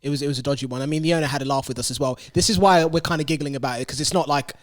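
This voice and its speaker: A man's voice: on the high side, fairly even intonation, racing, no room sound, studio quality. A young man hosting a casual podcast, telling a story animatedly and laughing often. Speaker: podcast host.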